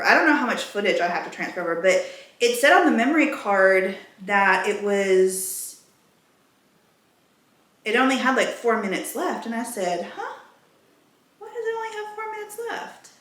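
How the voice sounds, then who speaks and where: A woman vlogger talks casually in a room at home, her medium-pitched voice a bit bright. She rambles, sounds out of breath, and interrupts herself as she chats. The room is echoey.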